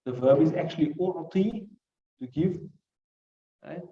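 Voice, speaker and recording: Male teacher, mellow higher voice, recites Arabic and explains it, muffled roomy classroom recording. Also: a little fast. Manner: explains word by word, asks rhetorical questions; recites classical Arabic phrases between English. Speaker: teacher of hadith commentary. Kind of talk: classroom lesson. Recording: muffled recording in echoey room.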